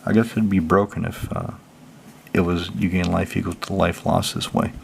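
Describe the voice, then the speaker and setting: A man with a low, gravelly voice walks through his card deck, reading each card's rules aloud before explaining them in easygoing, chatty terms. A faint hiss of background noise sits under the recording. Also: moderate pace. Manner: relaxed, chatty, reads card text then explains it plainly. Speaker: channel host. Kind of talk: casual card deck walkthrough.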